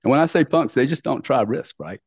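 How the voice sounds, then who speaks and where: A man's voice: mid-range voice, animated, a little fast, darkish tone, breathy edge, no room sound. A middle-aged man, telling stories as a podcast guest in a brash, blunt way, full of slang and swearing. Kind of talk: casual storytelling interview. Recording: dull dry lo-fi sound.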